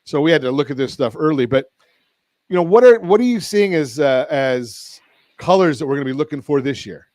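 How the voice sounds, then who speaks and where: A man's voice: on the high side, lively intonation, a little fast, a little mellow, dry recording. A man hosting a radio talk show, rambling and correcting himself as he jokes with his guest. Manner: rambling, self-correcting, joking. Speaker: radio host. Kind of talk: casual radio chat.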